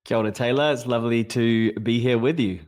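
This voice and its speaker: A man in his thirties with a New Zealand accent, talking as a musician guest in a relaxed, thoughtful, halting way. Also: mid-range voice. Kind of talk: casual interview chat.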